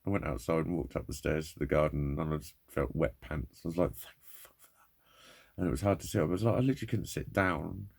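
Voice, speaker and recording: Low creaky man, ranting. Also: quick pace, hardly any pauses. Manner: rambling, heavily swearing, frustrated. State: in pain. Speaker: vlogger. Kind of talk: candid personal monologue.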